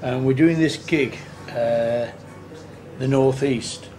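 A man's voice: medium pitch, slow pace, a little mellow, faint music behind. Rambling earthy man. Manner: rambling, earthy storyteller who swears and acts out quotes. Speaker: tribute band singer. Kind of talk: casual anecdote. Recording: noisy on-location recording.

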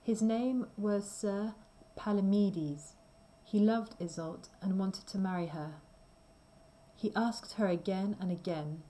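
A woman reading a simple storybook aloud slowly and clearly for language learners. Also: mid-range voice, dark tone, low-quality recording. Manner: careful, deliberate reading. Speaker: reader.

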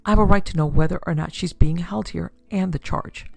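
A woman's voice: fairly low pitch, brisk, creaky, darkish tone, no room sound. A woman voicing a pale, nervous young male attorney who speaks hesitantly. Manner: hesitant, worried and protesting.

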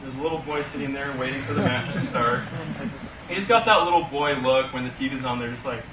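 A young man, an animation student, enthusiastically pitching a film story to a class and acting out its scenes, recorded from far off in an echoey, noisy classroom. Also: a little fast. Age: young adult. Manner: enthusiastic, laughing, acts out scenes.

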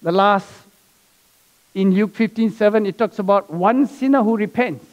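High-voiced man preaching a sermon. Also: normal speed, highs cut off. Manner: preaching with asides and soft laughs. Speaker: pastor. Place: church sanctuary.

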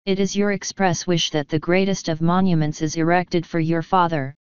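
A woman voicing a stern, scheming old male high priest who speaks smoothly and commandingly. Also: steady tone, moderate pace, dry recording, dull audio, close to an everyday voice. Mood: insistent.

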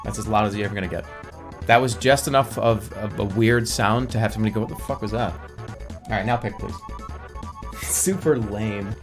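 A man streaming a video game, talking to chat in an animated way with sudden yelps and casual swearing. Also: lowish voice, moderate pace, long pauses. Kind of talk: live gaming stream commentary. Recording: game music in background.

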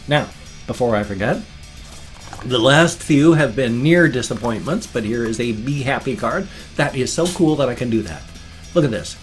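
A man in his fifties chatting casually in his vlog, rambling and easily sidetracked. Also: mid-range voice. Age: 50s. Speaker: vlogger. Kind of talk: casual chat.

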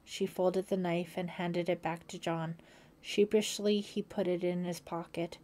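A woman narrating a thriller audiobook in a steady, suspenseful storytelling manner. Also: fairly low pitch, a little slow.

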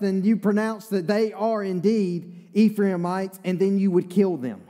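A man with an Eastern North Carolina accent preaching in a church sanctuary. His voice sits a little high yet stays warm and mellow, and his delivery is folksy and chatty, full of asides. A long reverb of the hall trails every phrase. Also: a little slow, hardly any pauses. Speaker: pastor. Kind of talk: sermon.

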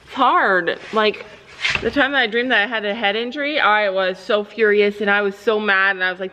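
A woman vlogger and horse owner talking casually to the camera. She rambles through her stories with many restarts and switches to a high sing-song voice when she speaks to her animals. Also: fairly even intonation, normal speed, pushed and bright, muffled recording, a little hiss or hum. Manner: rambling storytelling with frequent restarts. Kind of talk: casual chatty vlog.

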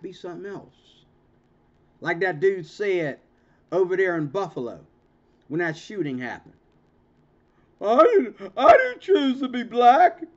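A man hosting his own channel, talking in an emphatic, confrontational monologue with lots of repeated words and restarts. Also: high-pitched. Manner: emphatic, repetitive, stammering restarts; confrontational, ranting. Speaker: channel host. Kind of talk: monologue commentary vlog. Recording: dull lo-fi recording.

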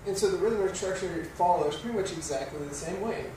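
A high-voiced man talks quickly while teaching piano, counting beats aloud and patiently explaining rhythm. The instructional session takes place in a piano studio with a roomy sound, a distant microphone, and piano playing.

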